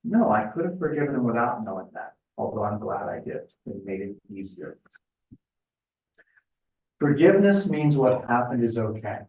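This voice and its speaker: Middle-aged man, retreat talk, conversational, thoughtful, average pitch, distant mic. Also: big pitch swings, moderate pace, a little mellow. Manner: conversational, thoughtful, with frequent fillers. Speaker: retreat speaker. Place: retreat house meeting room. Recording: echoey room, voice picked up from a distance.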